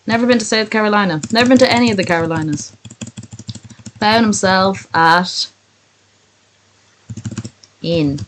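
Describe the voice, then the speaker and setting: A woman's voice: on the low side, a bit bright, a little hiss or hum. A woman reading a fan story aloud on a livestream, breaking off for profane, sarcastic chat with her viewers. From not from America.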